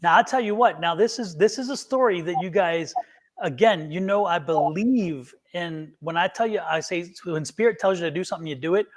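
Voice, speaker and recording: Storytelling male tarot host, high voice. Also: brisk. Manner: rambling, acts out both sides of a phone call. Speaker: tarot reader, show host. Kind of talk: casual storytelling on a live stream.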